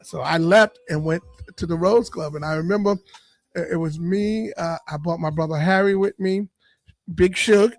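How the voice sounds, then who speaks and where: A man, a comedian and radio personality, telling stories from his life in an animated interview style and acting out the voices of people in them. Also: on the high side, normal speed, no room sound, clean studio sound. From Boston area. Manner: animated storyteller, acts out quoted voices. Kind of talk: storytelling interview. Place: podcast studio.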